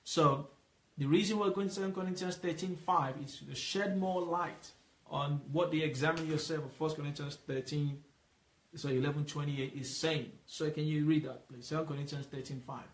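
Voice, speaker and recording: A man's voice: on the high side, steady tone. A man leading a Bible study, explaining patiently and asking questions for the listener to fill in. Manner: asks questions and lets the listener fill in the answer; explains patiently, repeating points slowly. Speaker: Bible teacher. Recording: roomy echo.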